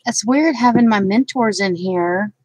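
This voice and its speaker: Slow-talking, chatty woman crafter. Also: mid-range voice, breathy edge, dry recording, highs cut off. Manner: chatty and rambling, greeting viewers by name; laughs often, trails off with fillers. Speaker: craft channel host. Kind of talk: casual live crafting chat.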